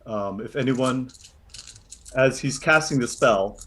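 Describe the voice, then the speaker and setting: A man narrating a tabletop role-playing game as game master, telling the story in a lively way with many fillers. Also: mid-range voice, takes it slowly, slight background noise.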